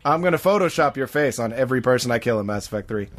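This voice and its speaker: A man's voice: mid-range voice, lively intonation, fast. A man on a gaming discussion panel, making wisecracks in casual chat.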